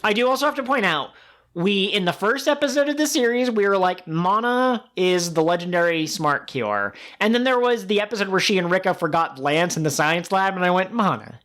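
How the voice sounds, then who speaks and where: A man's voice: high voice, fairly quick. Man animatedly recapping anime episodes. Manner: animated retelling with quoted character lines. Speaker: podcast co-host.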